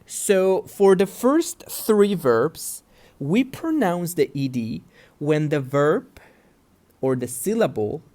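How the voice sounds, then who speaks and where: A woman whose voice is extremely low and mellow gives a recorded English lesson. She explains grammar and pronunciation patiently in steps and makes sure the learner is following.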